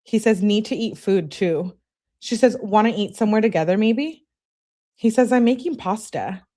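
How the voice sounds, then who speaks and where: A woman's voice: medium pitch, expressive, moderate pace, dark tone. A woman hosting her channel, reading text messages aloud in a casual way and adding blunt, profane asides while greeting viewers. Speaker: channel host reading case evidence.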